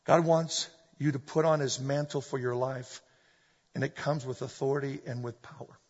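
A middle-aged man preaching a sermon, animated and full of humorous storytelling, recorded in a church hall. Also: mid-range voice, moderate pace, slightly rough. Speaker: pastor. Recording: dull echoey hall recording.

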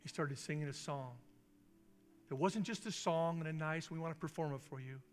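Middle-aged male pastor, storytelling sermon, slightly high voice, long hall reverb. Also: moderate pace. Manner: animated, acts out quotes with big pitch jumps. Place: church sanctuary.

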